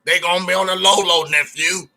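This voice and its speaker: A man doing a pushy, streetwise older guy, drawling and insistent, leaning hard on slang. The voice sounds a little far off and husky, slowing down to press his point. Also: sits high, steady tone, sharp tone, exaggerated voice. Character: streetwise older male friend, pushy and hustling.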